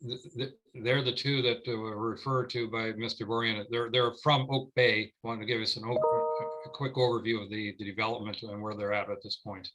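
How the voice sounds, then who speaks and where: A man's voice: fairly low pitch, flat delivery, fairly quick, sharp tone, low-quality recording. A man chairing a town council meeting as mayor, often stumbling and repeating his words as he restarts.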